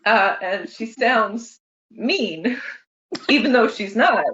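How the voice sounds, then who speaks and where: A woman's voice: a little high, animated, slow, pushed and bright. A woman casually telling funny family anecdotes to her mother and laughing often. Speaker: family member sharing memories. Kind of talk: casual storytelling. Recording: echoey room, dull sound.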